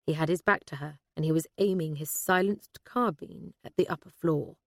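A woman narrating an audiobook thriller in a steady, measured way. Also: low-pitched, no echo, studio quality.

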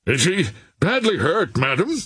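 A man's voice: fairly high pitch, sing-song, unhurried, husky, no room sound, studio quality, exaggerated voice. A man doing a formal naval captain. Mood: startled. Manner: formal and agitated. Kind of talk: audiobook character voice.

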